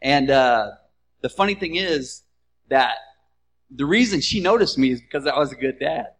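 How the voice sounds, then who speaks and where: A man in his thirties sharing a personal testimony in church, halting and emotional as he talks about being a father. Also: medium pitch, lively intonation, fairly bright tone. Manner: halting, emotional, restarts often.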